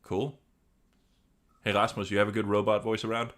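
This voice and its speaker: A deep-voiced man narrates in a flat, deadpan way, as if reading a serious story. He is hosting and leading a comedy fan fiction reading. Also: normal speed. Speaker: podcast host and narrator.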